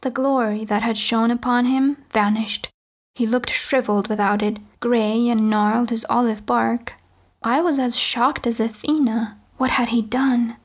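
A woman reading a novel aloud as an audiobook, in measured first-person storytelling. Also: on the high side, steady tone. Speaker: audiobook reader. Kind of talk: audiobook narration.

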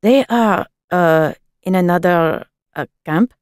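A woman reading a storybook voices a protective teenage brother who speaks in a hushed, halting way. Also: mid-range voice, expressive, dry recording, studio quality, close to an everyday voice. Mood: hushing. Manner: hushed, stammering.

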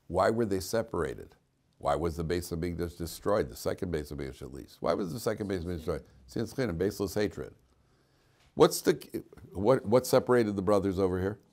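A man's voice: fairly low pitch, darkish tone. A man teaching a class as a rabbi, talking informally, questioning students and cracking jokes, with frequent restarts.

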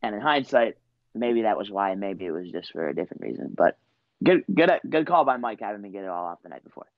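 A man's voice: on the low side, sing-song, fast talker, no room sound, phone-quality sound. A man in his twenties, a college wrestler, telling a story in a loose, rambling way full of "you know" and "like". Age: 20s. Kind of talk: casual storytelling.

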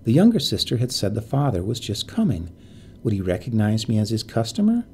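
Gravelly, mellow male story narrator. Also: lowish voice, huge pitch swings, fairly quick, a little hiss or hum.

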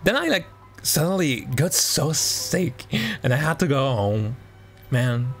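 A man's voice: mid-range voice, animated, takes it slowly, faint music behind. A man playing a snobby, catty valley-girl young woman in a game, drawling and mocking. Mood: chatty.

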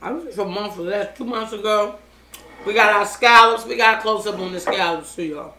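A middle-aged woman hosts a casual home cooking demonstration in her kitchen, talking loudly and trading profane, joking banter with her family. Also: mid-range voice, fairly quick. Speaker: home cooking show host. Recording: echoey kitchen, loud background noise.

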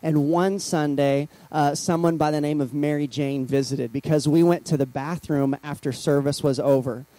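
A middle-aged man pastor telling a church story in a sermon, excitable with halting restarts. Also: a little high, no echo, poor audio.

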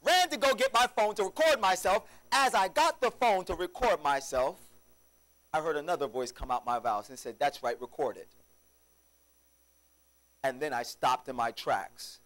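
A man preaching a sermon in a church, his voice pitched high and keen with a bright, forceful edge. He tells his story animatedly and keeps checking in with the congregation through rhetorical questions. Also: moderate pace, rough recording.

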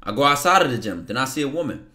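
A man in casual motivational talk, blunt, profane and slangy, acting out his inner voice in quick asides. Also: medium pitch, sing-song, pushed and bright. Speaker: podcast guest.

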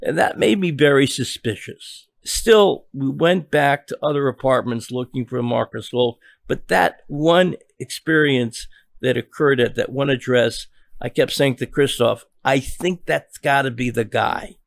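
An older man, a journalist guest on a podcast, telling a long story in a halting way with many restarts and repeated words. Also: medium pitch, gravelly, no echo, clean studio sound.

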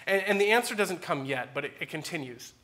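Fairly high-pitched and a little fast, this man in his forties delivers a church sermon as pastor, with dramatic, animated emphasis that shifts from loud bursts to quiet asides.

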